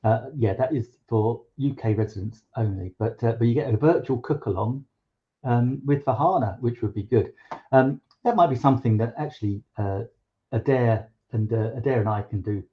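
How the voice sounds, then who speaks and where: A man hosts his own live stream and chats to viewers in a loose, rambling way, full of fillers and restarts. His voice sits at a middling pitch for a man. The sound is a little dull and lo-fi. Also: moderate pace. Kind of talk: casual live-stream chat.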